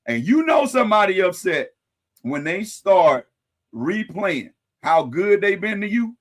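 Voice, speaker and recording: Animated man hosting a live stream. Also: sits high, measured pace. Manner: animated, folksy sayings, wry asides to viewers. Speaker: host. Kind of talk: casual commentary on a live stream.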